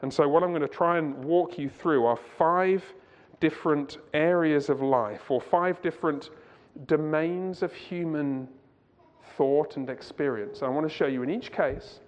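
A man's voice: on the high side, measured pace, in a large hall. Man lecturing a church audience. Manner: conversational, asks the audience rhetorical questions, digresses. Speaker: Christian conference speaker. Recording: muffled lo-fi recording.

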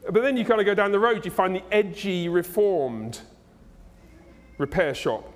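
A male pastor preaching a sermon in a conversational, animated and humorous way, in a church. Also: sits high, moderate pace. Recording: echoey hall.

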